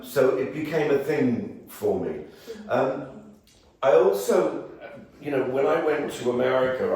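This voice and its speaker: A man's voice: medium pitch, a little hiss or hum. An older man with a Birmingham accent, telling rambling, jokey anecdotes and swearing casually as a guest actor taking audience questions. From England. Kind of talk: anecdotal talk and Q&A. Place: event room before a live audience. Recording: roomy hall, distant mic.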